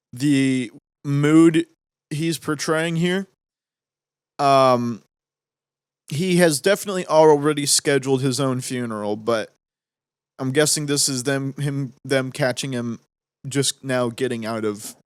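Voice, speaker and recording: A man's voice: mid-range voice, unhurried, clean tone, no room sound, clean studio sound. A young man hosting a podcast in casual, joking chat full of fillers. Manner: rambling, joking, lots of fillers. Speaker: podcast host.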